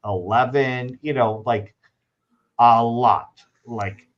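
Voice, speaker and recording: Male podcast host, casual, animated storyteller, muffled lo-fi audio. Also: medium pitch, slow pace. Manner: animated storyteller, acts out quoted dialogue. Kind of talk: casual chat. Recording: dull lo-fi sound.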